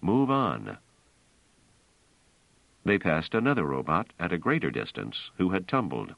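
A man with a very deep voice narrates an audiobook, his pitch moving in a lively, expressive way. His reading is measured and clear in pacing. The recording is dry and a little dull. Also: no echo. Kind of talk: scripted narration.

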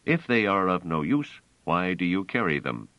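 A man voicing a cold, commanding humanoid guard robot that questions its prisoners in a flat, literal manner. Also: deep voice, moderate pace, no room sound. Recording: dull, dry audio.

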